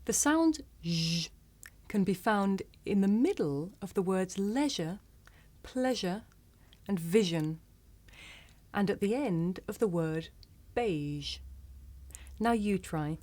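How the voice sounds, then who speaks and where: A woman with a British accent teaching English pronunciation, speaking clearly and deliberately, carefully over-articulating each sound. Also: mid-range voice, expressive, warm tone. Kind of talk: slow scripted pronunciation lesson.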